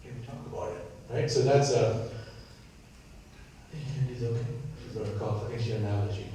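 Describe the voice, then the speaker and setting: Moderating a panel, this man from San Diego speaks with an Indian accent in a brisk, medium-pitched, dark voice. He's earnest and keeps checking in with "right?", recorded from a distance in an echoey room with slight background noise.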